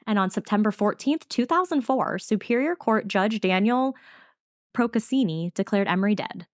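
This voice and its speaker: A woman's voice: mid-range voice, expressive, dry recording, studio quality. A woman co-hosting a podcast, telling a true-crime case in chatty, casual storytelling. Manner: fast, chatty storytelling from notes. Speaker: podcast co-host.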